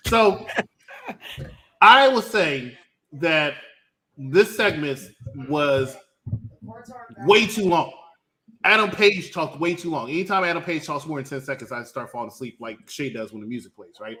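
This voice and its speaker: A man hosts a casual wrestling review with a loud, mocking manner. His voice sits high and bright. He often mimics others in a squeaky voice. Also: lively intonation, measured pace, rough recording. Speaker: show host.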